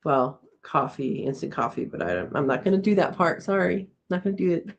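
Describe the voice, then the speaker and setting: A woman's voice: low-pitched, expressive, fairly quick, a little hiss or hum. A woman hosting a casual live chat from home, reading viewer comments aloud and laughing often. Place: home, indoors.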